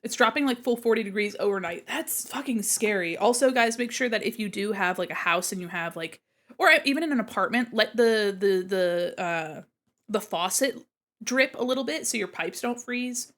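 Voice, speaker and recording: A woman's voice: medium pitch, lively intonation, normal speed, a bit bright. Giggly young woman chatting with mouth full. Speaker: art streamer. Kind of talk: casual stream chat. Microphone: mic set away from her face.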